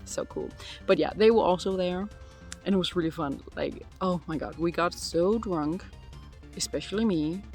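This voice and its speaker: A woman's voice: on the low side, moderate pace, darkish tone, faint music behind. Giggly chatty woman in her twenties. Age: 20s. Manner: chatty and giggly, full of "like" fillers. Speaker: vlogger answering viewer questions. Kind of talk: casual chat. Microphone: phone.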